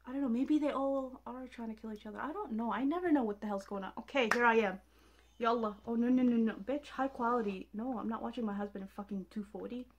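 A woman's voice: on the high side, fast, slight background noise. A young woman reacting to music video trailers, gushing and swearing, with sudden shrieks between muttered asides. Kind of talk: excited reaction commentary.

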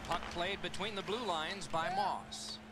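A man playing a hockey video game's play-by-play announcer, making brisk broadcast calls. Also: sits high, sharp tone, breathy edge, exaggerated voice. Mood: calling play. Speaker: play-by-play commentator. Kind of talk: sports commentary. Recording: distant game audio under crowd noise. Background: arena crowd.

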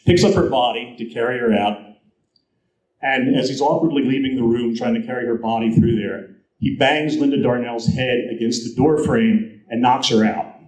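A male guest speaker giving a storytelling presentation at a convention, lively and anecdotal, acting out the quotes he tells. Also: medium pitch, normal speed. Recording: roomy echo, captured from the audience.

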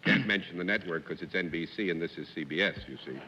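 A man's voice: low-pitched, fast. A man hosting a live television panel game, formal and wordy, with a jovial laugh. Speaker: game show host. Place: television studio with live audience. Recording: dull 1950s TV broadcast, hall reverb, faint hiss.

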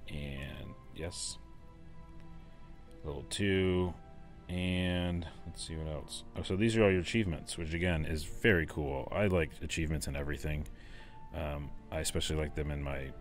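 A man's voice: a bass voice, fairly even intonation, normal speed, soft background music. A man casually talking through a mobile game, chatty and enthusiastic, rambling as he plays. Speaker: let's play host.

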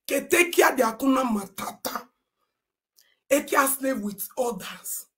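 A woman with a Nigerian accent, ranting indignantly on a live stream in Pidgin, often shouting and reading viewers' comments aloud. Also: a little high, lively intonation, measured pace. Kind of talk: Nigerian Pidgin social media rant.

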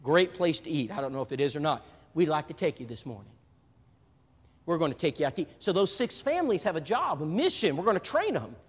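Animated preacher man in a reverberant hall. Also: a little high, fast talker, husky. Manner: animated storyteller, voices other people in his stories. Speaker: preacher leading a church seminar. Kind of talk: seminar talk with acted-out anecdotes. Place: church hall. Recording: live stream with a long hall reverb.

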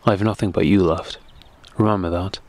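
A man reading the lines of an anguished young noblewoman from a classic novel audiobook, quiet and pleading. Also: sits low, steady tone, a little fast, natural voice. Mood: despairing.

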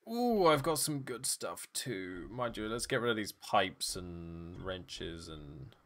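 A man's voice: lowish voice, sing-song, measured pace, few pauses, a bit bright. A young man streaming a game, chatting casually and joking with frequent laughs. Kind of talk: casual gameplay commentary.

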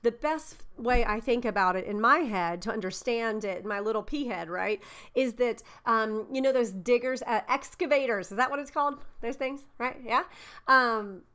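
A woman leading a Bible study in an earnest, conversational way, often checking in with "right?" and filling pauses with "um.". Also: fairly high pitch, a bit bright. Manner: informal with frequent "um".

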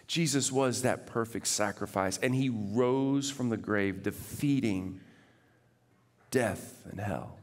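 Give me a man preaching a sermon, animated, shifting from loud to soft. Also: fairly low pitch, takes it slowly, long reverb tail. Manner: animated, swings from loud to hushed. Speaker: pastor. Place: church sanctuary.

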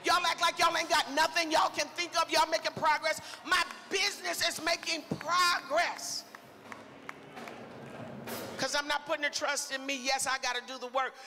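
High-pitched shouting male preacher. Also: little pitch movement, fast, hardly any pauses, slight background noise. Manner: exhorting, call-and-response, rising to shouts. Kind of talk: sermon. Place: church sanctuary. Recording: reverberant church hall, faint crowd.

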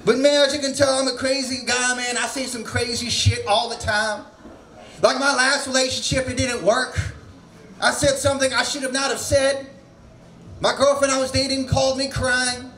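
A man doing a loud, crude stand-up set at an open mic, shouting his punchlines. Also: extremely high pitch, flat delivery, normal speed. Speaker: comedian. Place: comedy venue stage. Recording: roomy echo of a small venue.

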